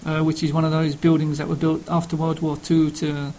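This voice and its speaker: An older man from London with a Cockney accent, introducing himself casually in a plain, halting way with frequent pauses. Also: fairly high pitch, completely flat delivery, dark tone, poor audio. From London, England. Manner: halting, plain-spoken, pausing often mid-sentence. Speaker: television sports researcher.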